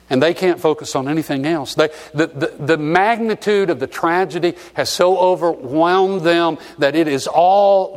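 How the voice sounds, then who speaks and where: A middle-aged man from Alabama preaching a sermon, sentimental and emotional as he tells stories. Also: a little high. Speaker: pastor.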